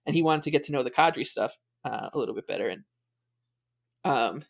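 A man's voice: medium pitch, animated, a little fast, vocal fry. A man co-hosting a casual sports podcast, rambling with many fillers and restarts. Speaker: podcast co-host.

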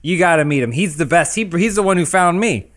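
Lively, laughing man playing a tabletop game. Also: a little high, brisk. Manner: playful, laughing, chatty. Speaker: player. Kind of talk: in-character tabletop play.

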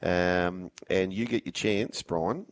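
A man's voice: deep voice, takes it slowly. A man hosting a sports radio show, chatting casually and reading out listener messages. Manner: chatty, reads out listener messages and phone numbers. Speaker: radio host.

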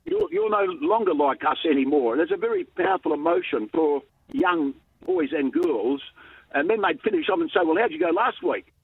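An older Australian man telling a story in an interview, lively and chuckling between lines. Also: moderate pace, husky, no echo. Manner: animated storyteller, lively pitch jumps, chuckles. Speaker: interview guest, former cricket captain. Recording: dry, tinny phone-like line.

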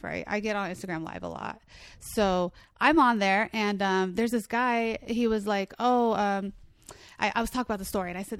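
A woman telling a comedic dating story in casual chat, animated and rambling, swearing and acting out what others said. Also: mid-range voice, dry recording, studio quality. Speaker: comedian guest.

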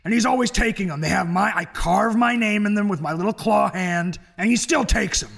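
A man's voice: high-pitched, brisk, vocal fry, fairly bright tone, heavily acted. A man playing Freddy Krueger as a whiny, complaining roommate in an improvised courtroom sketch. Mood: aggrieved. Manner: grumbling, exasperated complaining.

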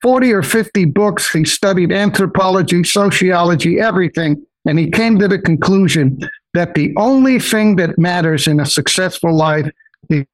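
A man's voice: high-pitched, lively intonation, normal speed, no room sound, rough recording. An older man, a guest on an interview podcast, talking earnestly and full of quoted wisdom. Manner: earnest, wise-sounding, fond of quoting sayings. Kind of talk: casual interview conversation.

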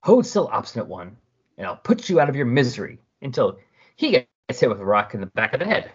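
A man voicing a smug, cruel male demon overlord who speaks slowly and mockingly. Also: medium pitch, big pitch swings, husky. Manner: slow, mocking, falsely sorrowful. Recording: dull lo-fi recording.

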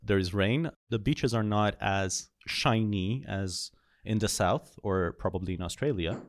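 A man from Iran with a Persian accent, co-hosting a podcast and making short deadpan jokes at an unhurried pace. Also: on the low side, no echo, studio quality. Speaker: podcast co-host. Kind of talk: casual podcast chat.

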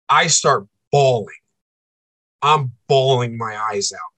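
A man's voice: mid-range voice, slow pace, pushed and bright, no echo. A man as a podcast guest, telling a personal story with intensity, repeating phrases and acting out what people said. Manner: intense, repeats phrases, acts out quoted dialogue.

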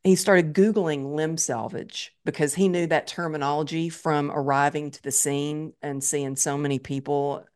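A woman's voice: low-pitched, steady tone, moderate pace, few pauses, a little mellow, clear, resonant tone. Woman guest, podcast interview, emotional story, replays her own thoughts aloud. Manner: vivid retelling, acting out her own past thoughts.

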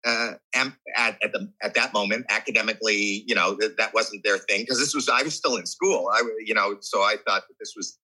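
A husky, fairly low-pitched man in his sixties talks briskly with few pauses, and the audio is poor. He's an interview guest sharing a candid story, animatedly voicing characters and reactions while often restarting and repeating words.

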